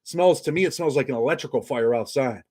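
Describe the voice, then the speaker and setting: A man's voice: medium pitch, fast talker, darkish tone. A man hosting a casual livestream, talking bluntly in street slang. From New York. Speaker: channel host.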